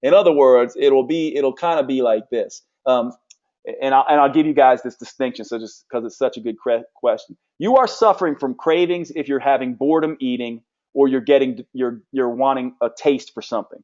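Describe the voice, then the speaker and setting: Emphatic male coach, mid-pitched, blunt on purpose, teaching on a muffled lo-fi recording. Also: fairly quick, a little mellow. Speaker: health coach. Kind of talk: live training session answering questions.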